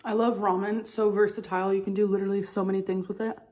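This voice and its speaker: A woman vlogger talks at a quick pace in a darkish, mid-range voice with little pitch movement. Her nose is stuffy and her breathing slightly heavy as she rambles casually through a mukbang, chewing between remarks.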